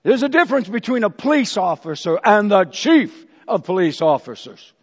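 Husky high-voiced preacher in a hall. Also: male voice, sing-song, moderate pace. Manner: storytelling, acts out voices of characters. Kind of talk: sermon. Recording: dull hall echo.

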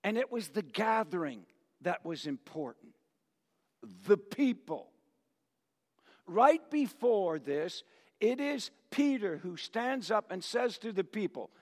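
An older male pastor delivers a sermon in an unhurried, emotive way. His voice sits high for a man, and he mixes stories and jokes with frequent chuckles. The sound carries a long reverb from a church sanctuary. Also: sing-song.

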